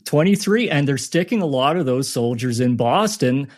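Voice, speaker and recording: A man's voice: medium pitch, animated, moderate pace. A man hosting a casual history podcast chat, playful and sarcastic. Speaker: podcast host.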